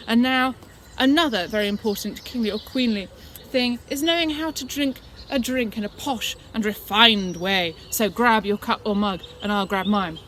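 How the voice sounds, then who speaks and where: A woman's voice: medium pitch, normal speed, hardly any pauses, a bit bright, a little hiss or hum. A woman leading a children's church lesson outdoors in woodland, talking to the kids in a playful, encouraging way. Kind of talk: children's activity lesson and storytelling. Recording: outdoor recording with birdsong behind.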